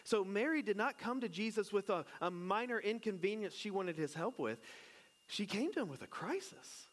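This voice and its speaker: This pastor, a husband and father, speaks in a high, animated, slightly bright voice at normal speed. His sermon is casual and chatty, full of jokes and questions aimed at the listeners.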